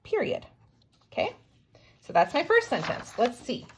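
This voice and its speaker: A woman teacher modeling sentence writing for young students, slowly sounding out letters and syllables. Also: a little high, huge pitch swings, slight background noise.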